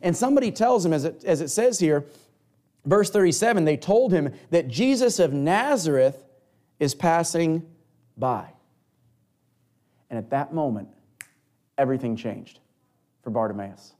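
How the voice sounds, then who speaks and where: A man preaching a sermon, telling a scripture story in an animated way and acting out the people in it. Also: a little high, measured pace, pauses often.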